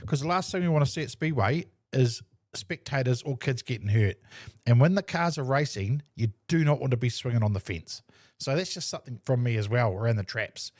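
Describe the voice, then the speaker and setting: Kiwi bloke co-hosting, chatty and easygoing storyteller, dry sound, average pitch. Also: male voice, animated, brisk, a little mellow, no echo. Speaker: co-host. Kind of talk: casual podcast chat.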